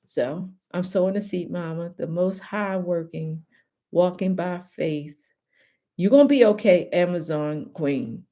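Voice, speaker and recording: A woman's voice: fairly low pitch, a little slow, mellow. Heartfelt woman hosting a live stream. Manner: emphatic, repeats phrases, calls viewers baby and y'all; heartfelt, grateful. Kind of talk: casual live-stream talk to viewers.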